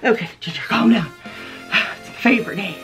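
A woman's voice: medium pitch, a little fast, music in the background. A woman hosting her own vlog, gushing in a bubbly, chatty way as she talks straight to her viewers and shows off a favorite item at home. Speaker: vlog host. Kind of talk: casual product show-and-tell vlog.

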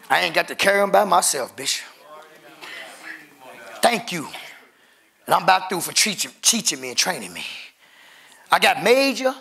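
A man's voice: on the high side, vocal fry, sharp tone, husky. A man preaching a sermon as pastor, emphatic and calling out to his congregation, with features.

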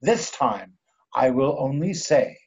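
A vain, pompous old English dandy, read by a man who drawls his lines with theatrical airs. The voice is husky and a little breathy, and it comes through dull, lo-fi video call audio. It is a stage play read aloud over a call. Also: mid-range voice, very animated, slow, heavily acted. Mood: lecturing.

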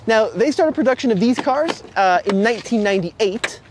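High-voiced man reviewing cars. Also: expressive, moderate pace, background noise. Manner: wry, sarcastic, enthusiastic showman. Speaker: co-host presenting cars. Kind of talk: casual car review chat.

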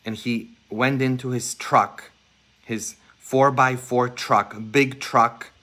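Bright-voiced priest preaching slowly. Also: male voice, medium pitch, fairly even intonation. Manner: impassioned, swings from hushed to loud, acts out voices in stories. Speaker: Catholic priest. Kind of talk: sermon.

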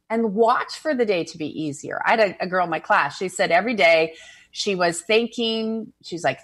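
A woman hosting a spiritual call-in radio show, talking in an animated way and acting out the voices she quotes. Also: lowish voice, brisk, breathy edge. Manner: animated, acts out quoted voices, laughs easily.

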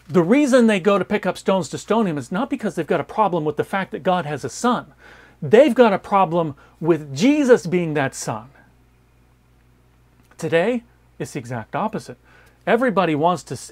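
A man preaching a Bible study sermon in an emphatic way, repeating key phrases and moving between loud stresses and quiet asides. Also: a little high. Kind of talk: sermon-style Bible teaching.

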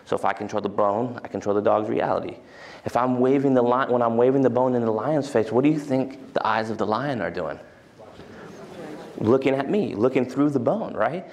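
A man's voice: mid-range voice, a little fast, darkish tone. A man giving a casual, conversational university lecture in a large lecture hall, including a guided mindfulness exercise.

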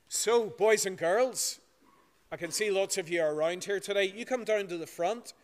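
A high-pitched male voice at a moderate pace tells a story to children during a church service. He's a Northern Irish pastor, friendly and full of questions for them, and the large church adds a long reverb.

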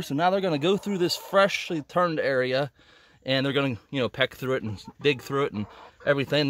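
A man's voice: mid-range voice, a bit bright. A man vlogging casually from inside a chicken coop in a greenhouse, a little out of breath, chatty and laughing often. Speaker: homesteading vlogger. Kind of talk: casual walk-and-talk vlog. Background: chickens clucking.

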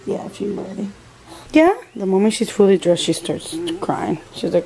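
Chatting at a moderate pace in a medium-pitched voice, a young woman vlogs from her family home, describing chores and her children's routine and slipping Spanish words in when talking to them. Steady background noise runs through the home-video recording.

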